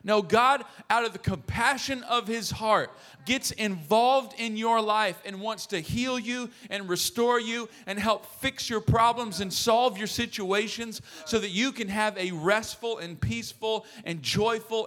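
Pastor, male, 30s, sermon delivery: earnest, bright, slightly high voice, joking asides to the crowd. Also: normal speed.

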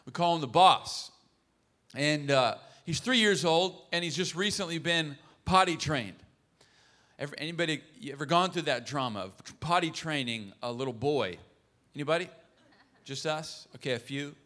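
A man in his thirties preaching a sermon as a pastor, earnest and warm with joking asides to the congregation. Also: on the high side, lively intonation, normal speed.

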